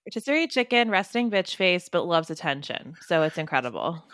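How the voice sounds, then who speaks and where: A woman's voice: fairly low pitch, very animated, brisk, fairly bright tone, no echo. Chatty young woman, dry close sound. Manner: chatty and enthusiastic, many "like"s. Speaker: podcast guest, writer. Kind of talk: casual podcast chat. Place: home room with pets nearby.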